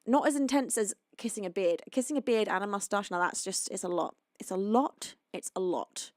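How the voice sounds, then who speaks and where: Speaking a little fast at medium pitch, a young singer-songwriter from the UK warmly greets and chats with her live chat in a rambling, friendly way, though she's feeling tired and sleepy. The sound is studio quality with no echo.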